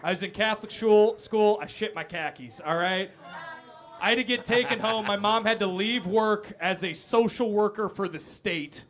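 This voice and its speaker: A man's voice: high voice, normal speed, a bit bright. A man from the Midwest hosting a comedic true crime talk show, joking loosely and swearing freely. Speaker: host. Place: live café stage.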